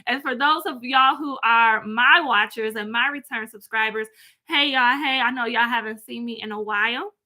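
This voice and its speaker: A woman's voice: a little high, normal speed, sharp tone. A woman, chatting casually from home straight to her viewers and reading out their comments. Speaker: vlogger.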